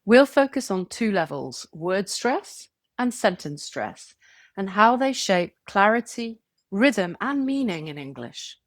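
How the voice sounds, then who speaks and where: A woman giving a scripted English pronunciation lesson, clear and measured, stretching example words to show stress. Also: mid-range voice, sing-song, no room sound, studio quality. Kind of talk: scripted tutorial narration.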